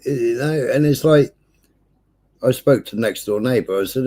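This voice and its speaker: A man, hosting a livestream and telling a neighbourhood story in casual chat, swearing nonstop with animated delivery. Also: mid-range voice, measured pace. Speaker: livestream host. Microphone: streaming setup.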